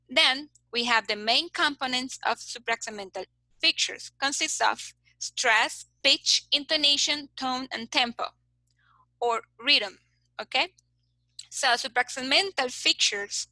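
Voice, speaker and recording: A woman's voice: a little high, pushed and bright, no room sound, low-quality recording. A woman teaching English phonetics in an online class, patiently explaining and ending her points with "okay?". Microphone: video call.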